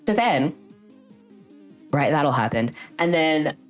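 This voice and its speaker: A young woman with a notably low voice chats casually on stream, slowly rambling through a lively retelling of a story and swearing often. Faint music plays quietly in the background.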